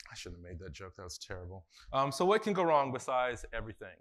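A man's voice: medium pitch, a bit bright. A man facilitating a conference workshop, talking casually with many fillers and putting questions to the audience in a conference room.

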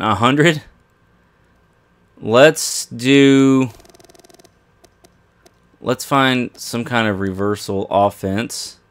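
A man commentating his own wrestling video game play, excitable and trash-talking his opponent. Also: lowish voice, clear, resonant tone. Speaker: gaming commentator.

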